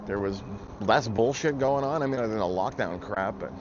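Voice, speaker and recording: This fairly low-pitched male vlogger talks fairly quickly, heatedly ranting about politics with bluntness and frequent swearing. Traffic noise is loud and the audio muffled.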